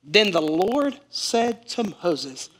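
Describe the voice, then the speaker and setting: High, bright-voiced preaching man. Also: big pitch swings, slow pace, breathy edge. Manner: emphatic, repeats key phrases, calls on the congregation to respond. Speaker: pastor. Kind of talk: sermon.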